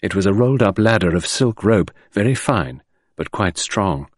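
A man reading an audiobook narration in a measured, expressive way. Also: fairly low pitch, breathy edge, no room sound, clean studio sound.

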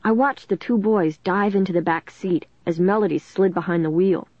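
Woman narrator, lowish voice, dry and dull lo-fi sound, suspenseful storybook reading. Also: moderate pace, darkish tone, no room sound. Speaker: audiobook narrator. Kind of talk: first-person storybook narration.

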